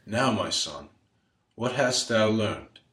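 A man's voice: on the low side, animated, slow pace, fairly bright tone. A man voicing a stern old count who speaks in archaic commands and flies into rages, in a roomy space. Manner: archaic, commanding, thundering when angry.

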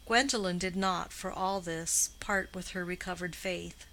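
A woman reads literary narration in a measured, even way. Her voice sits a bit low yet sounds bright and forceful. The delivery is steady, scripted storytelling. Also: slight background noise, poor audio. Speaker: audiobook narrator.

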